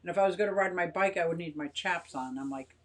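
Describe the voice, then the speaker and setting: A woman's voice: on the low side, quick pace, slight background noise. An older woman hosting a casual live stream from her home garage, chatting in a rambling way and reading viewer comments aloud.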